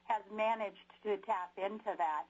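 A woman from Alaska calling in to testify, halting with fillers but insistent. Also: mid-range voice, husky. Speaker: caller testifying. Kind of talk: public testimony by phone. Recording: muffled phone line.

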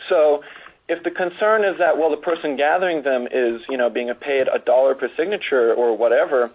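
A man's voice: medium pitch, a little fast, breathy edge. A man giving frank, plain-spoken testimony at a legislative hearing. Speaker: public testifier. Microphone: telephone. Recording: tinny phone line.

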